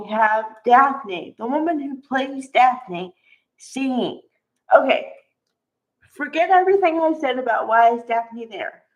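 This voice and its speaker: Slow-talking woman, slightly high voice, gushes through a soap recap, says "like" a lot. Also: lo-fi sound. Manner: gushing, chatty, peppered with "like". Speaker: soap opera recap vlogger. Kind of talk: casual chat.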